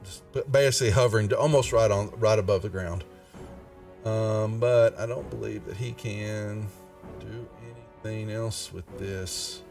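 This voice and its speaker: A man's voice: fairly low pitch, moderate pace, vocal fry, darkish tone, recorded from a distance, faint music behind. A man narrating as game master of a tabletop game, thinking aloud and stopping to check rules as he goes.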